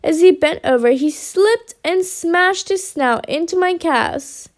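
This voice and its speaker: A woman reading a children's storybook aloud with lively expression. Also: very high voice, slow.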